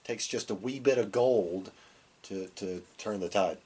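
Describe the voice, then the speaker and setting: A man's voice: lowish voice, unhurried, a little mellow, breathy edge. Man with a cold, rambling wrestling recap. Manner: loose, rambling recap with acted-out quotes. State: has a cold, coughing. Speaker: podcast co-host.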